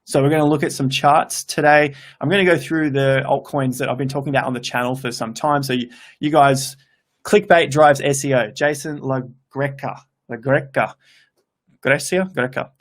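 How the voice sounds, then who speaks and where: Un hombre australiano de unos treinta años presenta en vivo un canal de criptomonedas, charla animado mientras lee los comentarios y a menudo se corrige a mitad de frase. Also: male voice, medium pitch, fairly even intonation, moderate pace. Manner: chatty, upbeat, thinks aloud with restarts. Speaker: crypto YouTuber hosting a livestream. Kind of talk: casual livestream chat reading comments. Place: home room with laptop set up.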